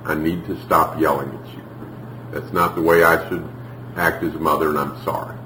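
Calm firm mother, as a man puts her on. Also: fairly low pitch, echoey room, slight background noise, voice pushed down, low-quality recording. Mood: apologetic. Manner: slow, calm, deliberate.

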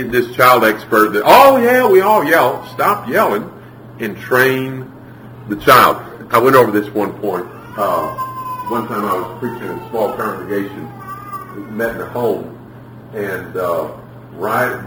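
A man's voice: fairly low pitch, slight background noise. Preacher man echoing from far off. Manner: animated storytelling, acts out quotes. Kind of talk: sermon. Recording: echoey room, from far off.

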